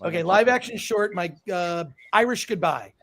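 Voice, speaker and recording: A man co-hosting a live awards watch party, chatting casually and eagerly recommending films. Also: sits high. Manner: animated, quick to recommend films. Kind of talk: casual group chat.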